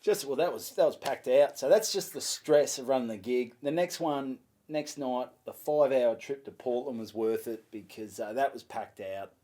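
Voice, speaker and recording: An Australian comedian telling a lively story on a podcast, swearing and acting out other people's voices. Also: male voice, mid-range voice, moderate pace, hardly any pauses. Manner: animated, swearing, acts out voices. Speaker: comedian guest.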